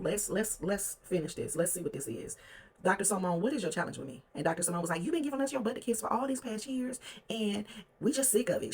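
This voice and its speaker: A host chatting through a reality TV reunion recap, gossipy and animated, quoting cast members in quick asides. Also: mid-range voice, gravelly, husky.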